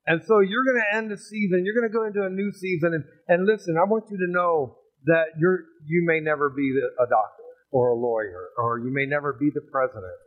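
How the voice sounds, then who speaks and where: A man preaching a sermon in an energetic, joking way, often asking the crowd "amen" and "right". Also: fairly high pitch. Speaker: pastor. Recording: tinny phone-like sound.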